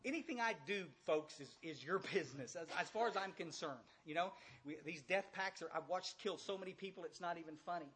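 A man's voice: high voice, fairly quick, fairly bright tone, a little hiss or hum. An older man giving a folksy, blunt recovery talk to a large audience, often repeating himself and asking the room direct questions. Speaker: recovery speaker. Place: large room with a few hundred listeners.

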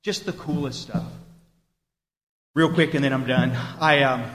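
A man's voice: mid-range voice, unhurried, a bit bright, faint music behind. A man giving a heartfelt talk as guest speaker at a recovery meeting, earnest and repeating phrases for emphasis. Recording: echoey hall, roomy long reverb.

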